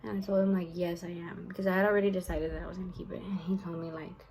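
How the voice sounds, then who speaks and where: A woman's voice: fairly low pitch, level tone, racing, a little mellow, low-quality recording. Tired, casual young woman vlogger. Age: young adult. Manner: casual, profane, tired-sounding, lots of fillers. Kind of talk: casual storytime.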